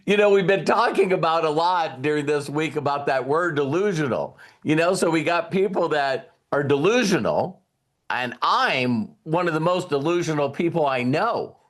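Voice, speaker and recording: A man's voice: fairly high pitch, expressive, moderate pace. An older man hosting a live video call, giving a rambling, folksy motivational talk and laughing often. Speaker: host.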